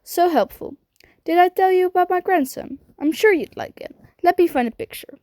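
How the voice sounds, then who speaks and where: A woman's voice: very high voice, expressive, moderate pace, a little mellow, no echo, clean studio sound, pitched above the performer's own voice. A woman reading a fan audiobook, voicing a frail, fussy old lady who dotes on a young man. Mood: doting. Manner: doting, chatty. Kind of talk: amateur fanfiction audiobook.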